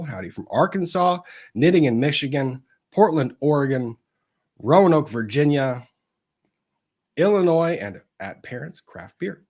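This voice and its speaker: Husky-voiced man hosting a chatty livestream. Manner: chatty, greets viewers by name and place, pitch swinging up and down. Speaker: livestream host of a legal commentary show. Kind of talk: casual live-stream chat, reading viewer comments aloud.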